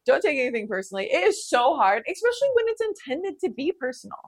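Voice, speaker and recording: A young woman hosting a podcast, telling a personal story in a candid, animated way. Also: high-pitched, quick pace, dry recording. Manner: candid, animated storytelling with frequent laughs and swearing. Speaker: podcast host. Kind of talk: casual personal monologue.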